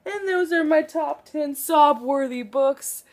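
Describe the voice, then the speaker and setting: A woman's voice: sits high, takes it slowly, darkish tone. A young woman book vlogger chatting casually to camera, gushing and dramatic, with lots of "like".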